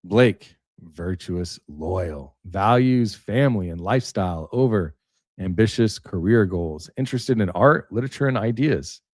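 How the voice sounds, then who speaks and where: A man's voice: lowish voice, expressive, unhurried, no echo, clean studio sound. A man hosting a casual commentary show, chatty, reading articles aloud with joking asides. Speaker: political commentary host.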